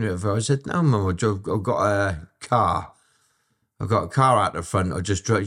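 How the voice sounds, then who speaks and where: A man's voice: on the low side, brisk. A middle-aged man, telling blunt, profane, rambling stories about his past as an interview guest. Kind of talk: casual storytelling, heavy swearing.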